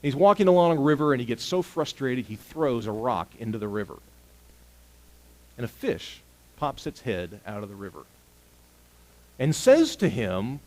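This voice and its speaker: A male pastor preaching with animated, story-driven delivery. His pitch rises and falls a great deal, and he moves between booming emphasis and near-whispered moments. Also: moderate pace, long pauses, rough recording. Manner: animated storytelling, moving between loud and hushed. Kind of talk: sermon.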